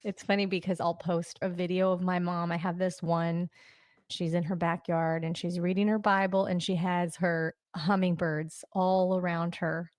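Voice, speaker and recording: A woman's voice: lowish voice, little pitch movement, normal speed, a little mellow, dry recording, studio quality. A woman in her forties hosting a podcast, asking upbeat questions and prompting her guest to tell stories. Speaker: podcast host. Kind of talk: casual podcast interview.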